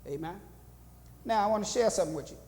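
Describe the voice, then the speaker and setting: A man's voice: high-pitched, fast talker, warm tone, long reverb tail. A male pastor teaching a Bible study in a church, repeating phrases and asking the room questions in a preaching cadence. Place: church hall.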